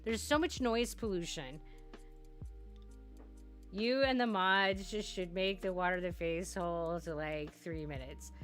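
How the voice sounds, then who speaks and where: A woman's voice: lowish voice, unhurried, soft background music. A woman live streamer chatting casually with her viewers, talking loosely with lots of "like"s and frequent laughter. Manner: chatty, laughs often, many filler "like"s. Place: home streaming setup.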